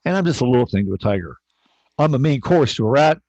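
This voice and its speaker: A man's voice: mid-range voice, expressive, fast, a little mellow, no echo. A man voicing a sly, scheming little male rat who mutters plans to himself, on a dull, dry recording.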